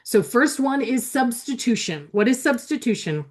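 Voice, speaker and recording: A woman's voice: on the high side, big pitch swings, normal speed. Chatty woman teaching a math webinar. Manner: chatty, enthusiastic, frequent laughs and fillers. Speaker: math educator hosting a webinar. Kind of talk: live webinar teaching, reading chat aloud.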